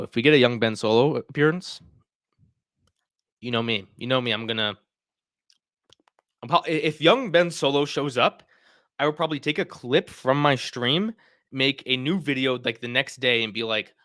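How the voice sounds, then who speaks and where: A man's voice: mid-range voice, moderate pace, long pauses, a bit bright, dry recording, studio quality. A man hosting a casual livestream, chatting and reacting to viewer comments. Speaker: livestream host.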